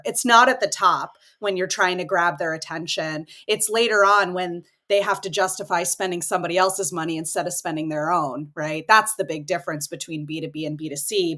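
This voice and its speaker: A woman's voice: lowish voice, fairly bright tone. A woman hosting a podcast, conversational and thoughtful as she builds on her guest's points. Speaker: podcast host.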